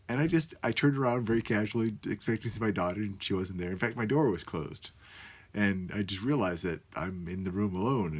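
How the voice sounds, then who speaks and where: A man's voice: on the low side, breathy edge. A man talking casually to the camera from his computer at home at night, amused and musing aloud. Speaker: vlogger.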